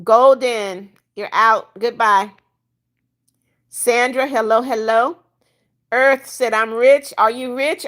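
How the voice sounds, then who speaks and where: A woman's voice: fairly high pitch, steady tone, slow, fairly bright tone. An older woman hosting a casual livestream, reading viewer comments aloud and bluntly kicking out troublemakers. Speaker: livestream host reading chat.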